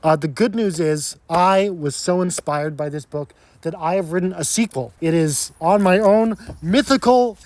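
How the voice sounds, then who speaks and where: Man, casual book review, sarcastic jokes, slightly high voice. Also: no room sound. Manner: joking, sarcastic, laughs often.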